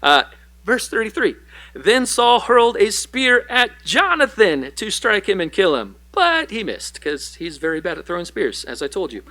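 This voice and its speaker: A male pastor teaching a Bible passage in a sermon, joking and animated, with quick asides and playful voices for the characters. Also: high-pitched. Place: church.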